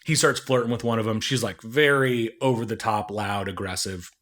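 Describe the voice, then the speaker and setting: Comedian dude telling a crazy story, middle-aged, goes way up high on the quotes. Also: male voice, normal speed. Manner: animated storyteller, jumps high for quoted lines. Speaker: comedian guest. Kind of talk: casual storytelling chat.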